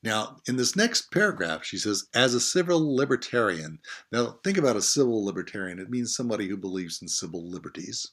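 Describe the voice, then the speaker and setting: Male teacher, middle-aged, lowish voice, chatty explanatory lecture with emphatic asides. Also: lively intonation, fast, hardly any pauses, fairly bright tone. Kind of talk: recorded lecture on an essay.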